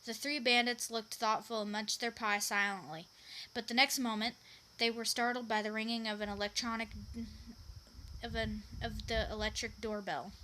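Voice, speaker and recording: Woman reading a story aloud, bright tone, slightly high, frequent restarts. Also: flat delivery, moderate pace, slight background noise, rough recording. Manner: stumbles, restarts and repeats words. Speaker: reader.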